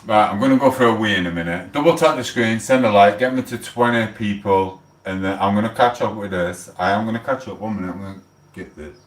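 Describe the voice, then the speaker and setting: South yorkshire bloke livestreaming, swears a lot, lowish voice, echoey room, sat back from the mic. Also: male voice, a little fast, far from the mic, a little hiss or hum. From England. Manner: blunt, swearing, mock-outraged ranting. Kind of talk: casual livestream chat.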